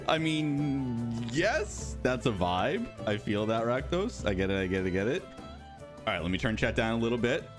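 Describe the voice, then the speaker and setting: A man in his thirties hosting a casual livestream, playful and chatty, greeting viewers by name and rambling off on asides. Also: medium pitch. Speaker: livestream host for a game studio.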